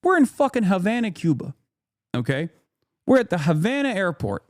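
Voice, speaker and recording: A man's voice: high-pitched, sing-song, moderate pace, no echo, studio quality. A man streaming casual commentary, swearing freely and rambling in an indignant tone.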